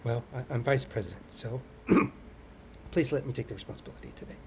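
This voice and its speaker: A man voicing a shy, timid teenage schoolgirl in a game reading, speaking softly and stammering. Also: mid-range voice, expressive, fairly quick, slight background noise, close to an everyday voice. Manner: soft, hesitant, stammering.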